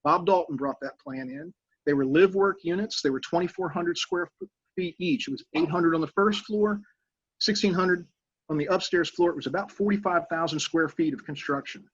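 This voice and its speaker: Middle-aged man, husky, a bit higher-pitched, pleading his case earnestly at a town meeting. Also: normal speed, fairly bright tone, no echo, muffled recording. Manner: earnest, persuasive, conversational with fillers. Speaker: public speaker at town council meeting. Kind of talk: public comment speech. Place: council meeting room.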